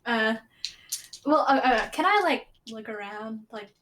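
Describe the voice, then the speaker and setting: A woman playing a tabletop game, stammering and halting with many fillers. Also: a little high, expressive, a bit bright. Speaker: player.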